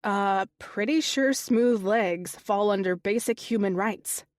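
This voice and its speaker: A woman's voice: medium pitch, slow pace, no room sound, clean studio sound, close to an everyday voice. A woman narrator voicing a sassy, playful young woman with a teasing, upbeat way of talking.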